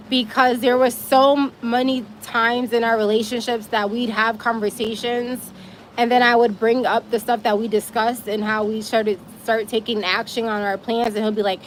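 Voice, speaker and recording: A woman telling her own story on a casual livestream, animated and emphatic, swearing now and then. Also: on the high side, slight background noise.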